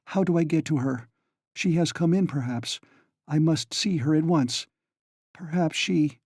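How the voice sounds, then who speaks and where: A man's voice: a little high, unhurried, a little mellow, slightly rough, no room sound, studio quality, pitched above the performer's own voice. A man voicing a distraught young woman who pleads frantically in a raised voice. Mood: anxious.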